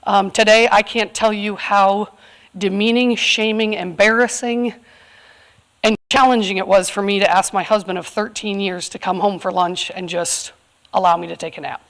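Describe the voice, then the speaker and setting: A woman's voice: mid-range voice, fairly even intonation, moderate pace, a bit bright. A woman from California, in her thirties, speaking candidly and earnestly to a live audience, with frequent fillers. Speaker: community event speaker. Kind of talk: personal talk to a live audience.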